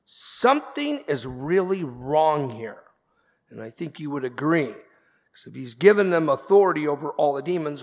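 A male pastor preaching a sermon in an animated way, swinging from quiet asides to loud, emphatic points. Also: on the high side, a little slow. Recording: long hall reverb.

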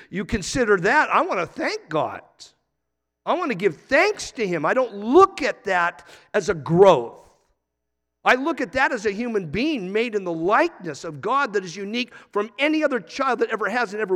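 A male pastor preaching a sermon, reading scripture slowly and building to emphatic points. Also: sits high, a bit bright. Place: church sanctuary. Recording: long church reverb.

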